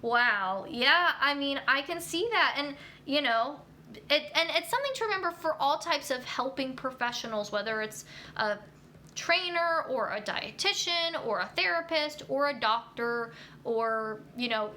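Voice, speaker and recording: On her relaxed nutrition stream, the young woman responds to incoming viewer comments at a measured pace with lively intonation. She sounds bright and a bit high, chatty and full of um and you know, over a faint hum of room noise.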